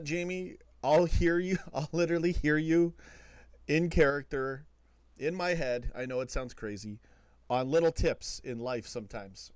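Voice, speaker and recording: A man hosts a late-night live call-in fan show, streaming from his home computer in a relaxed, chatty way with frequent easy laughter. His voice is mid-pitched, and the sound is dry and close without room echo.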